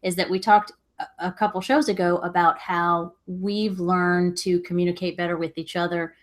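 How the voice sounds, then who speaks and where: A woman's voice: on the low side, level tone, normal speed. A woman co-hosting a casual live-stream business chat with her husband, thoughtful and rambling with many restarts. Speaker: co-host of a live reselling business show.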